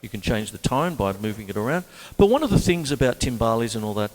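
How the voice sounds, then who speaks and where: Male drum teacher, animated and chatty, drum kit loud in the mix. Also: medium pitch, fast, long reverb tail, over music. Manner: chatty, scats drum patterns aloud. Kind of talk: casual drum lesson. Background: drum kit playing.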